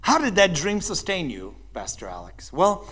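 A man's voice: sits high, wildly swooping pitch, moderate pace, a bit bright. A man, the pastor, preaching a sermon, telling a story with energy and putting questions to his congregation.

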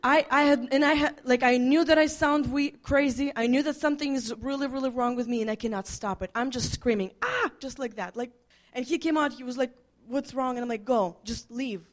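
A woman's voice: high voice, fast talker. A woman pastor giving earnest marriage advice, telling a personal story with many restarts. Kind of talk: marriage teaching talk with a co-host.

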